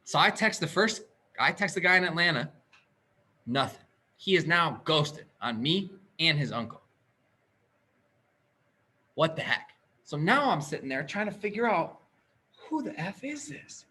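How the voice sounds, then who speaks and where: A man tells a story on a casual podcast with a husky, slightly breathy edge to his fairly high voice. He is animated and acts out both sides of the conversations with quick asides.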